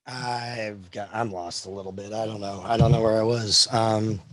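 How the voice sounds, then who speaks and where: A man's voice: fairly low pitch, little pitch movement, moderate pace, no echo. A man teaching history in a casual live class discussion, rambling with many fillers and restarts.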